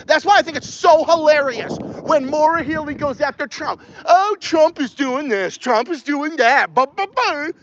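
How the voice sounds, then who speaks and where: A man's voice: extremely high pitch, a bit bright, dry recording, muffled recording. A man from Massachusetts with a New England accent, hosting a podcast outdoors and ranting profanely while answering viewer questions. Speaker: podcast host.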